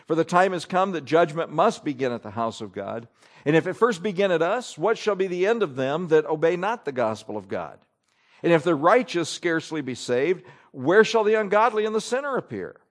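A pastor preaching a sermon in church, reading Scripture aloud with emphatic rises and drops. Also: male voice, fairly high pitch, big pitch swings, a little fast.

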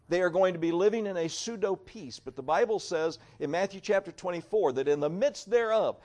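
Male pastor, middle-aged, slightly high voice, sermon delivery, rises and drops sharply for emphasis. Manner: preaching with wide swings in pitch and loudness, reading scripture aloud.

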